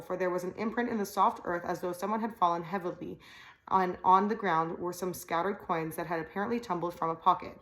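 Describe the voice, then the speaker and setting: A woman reads a novel aloud in a steady, plain way. Her voice sits slightly low, and she now and then trips over a word before going on. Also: rough recording. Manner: steady reading with small slips. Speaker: audiobook reader.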